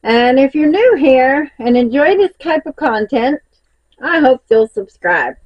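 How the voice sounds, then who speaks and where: A woman's voice: high voice, expressive, measured pace, dull audio. A woman with a Southern US accent chatting casually in a vlog, a bit out of breath, rambling in a folksy way. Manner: rambling, folksy, laughs often. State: a little out of breath. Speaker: crochet vlogger.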